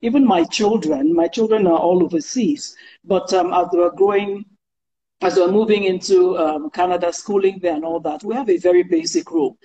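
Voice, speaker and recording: Mellow-voiced Nigerian woman guest. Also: on the low side, normal speed, highs cut off. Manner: animated, emphatic, laughs easily. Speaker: podcast guest. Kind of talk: casual conversation.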